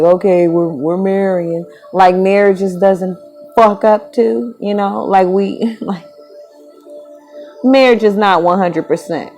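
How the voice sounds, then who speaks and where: A woman's voice: medium pitch, dark tone, poor audio. A woman in her thirties casually telling a personal story, rambling and correcting herself as she goes. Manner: rambling, self-correcting, candid. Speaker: vlogger.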